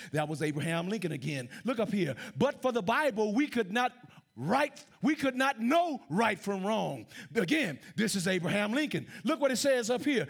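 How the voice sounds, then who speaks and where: A man preaching a sermon, swinging from loud declarations to hushed asides and repeating his phrases. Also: sits high, vocal fry. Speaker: pastor.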